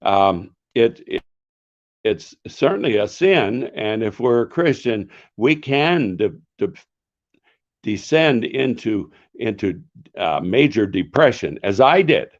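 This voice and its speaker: An older man, an author and former pastor, answering questions in a live author session in an earnest, reflective way, often pausing to search for words. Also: fairly low pitch, lively intonation, highs cut off.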